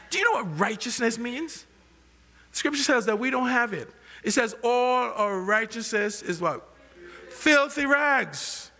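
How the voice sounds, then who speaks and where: An older male pastor preaching in a high, gravelly, bright voice. He keeps stopping to ask the congregation "what?" so they can complete his lines. His voice carries a long reverb through a large church hall. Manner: asks the congregation questions and has them finish his sentences. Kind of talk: sermon.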